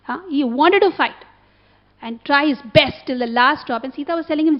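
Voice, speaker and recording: A woman, a temple speaker, delivers a sermon built around a story, checking in with listeners through short questions. She speaks at normal speed in a high voice, on a dull lo-fi recording.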